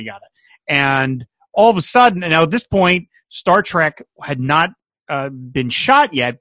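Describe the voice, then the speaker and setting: A man hosting a casual podcast chat, telling an anecdote with lively acted-out quotes. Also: medium pitch, dry recording, studio quality. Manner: animated storyteller, acts out quotes. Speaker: podcast host.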